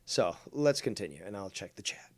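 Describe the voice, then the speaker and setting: A man's voice: lowish voice, big pitch swings, brisk, a little mellow, a little hiss or hum. A man giving casual, rambling commentary on a stream clip, sarcastic and swearing freely.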